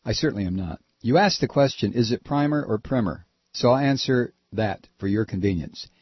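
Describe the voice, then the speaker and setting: A man's voice: medium pitch, normal speed, slightly rough, no echo. A middle-aged man hosting a political talk radio show, speaking in an impassioned, emphatic way with many restarts. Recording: dull, lo-fi radio audio.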